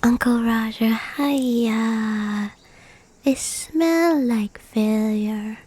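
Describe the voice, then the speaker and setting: Woman doing a loud scolding middle-aged uncle, fussy cooking critic, exaggerated, high-pitched, slow. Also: slightly rough, heavily acted. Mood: mock scolding.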